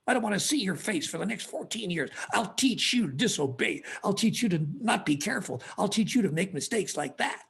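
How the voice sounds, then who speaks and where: A man's voice: mid-range voice, normal speed, breathy edge, pitched below the performer's own voice. A man playing an elderly grandfather who speaks to his granddaughter. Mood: harsh scolding. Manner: scolding, then soft and soothing. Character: old grandfather, stern then tender.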